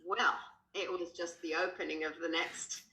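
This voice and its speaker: A woman with an Australian accent, a horse trainer, telling stories animatedly as a podcast guest. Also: normal speed. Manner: animated, jumps up in pitch when quoting. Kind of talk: casual storytelling in a podcast. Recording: roomy echo.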